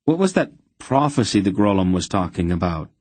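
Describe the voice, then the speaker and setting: A man's voice: low voice, big pitch swings, fairly quick, darkish tone, no echo. A man voicing a sulky, curious teenage boy. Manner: questioning, sulky.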